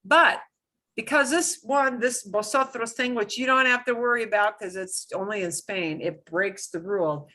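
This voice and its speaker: A woman's voice: mid-range voice, moderate pace, bright, forceful tone. A middle-aged woman teaching a beginner Spanish lesson online, explaining rules step by step with playful exclamations.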